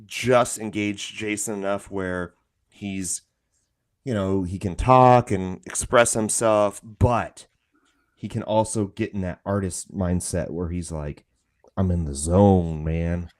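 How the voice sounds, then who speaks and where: A man's voice: fairly low pitch, slow pace. A man in casual live-stream chat, joking around and now and then slipping into silly voices. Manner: playful, jokey, drifts into silly character voices.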